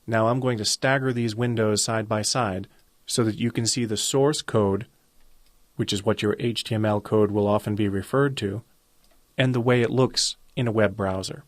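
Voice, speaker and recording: Calm man explaining code step by step. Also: lowish voice, normal speed, no echo. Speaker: web design instructor. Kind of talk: screen-recorded coding tutorial.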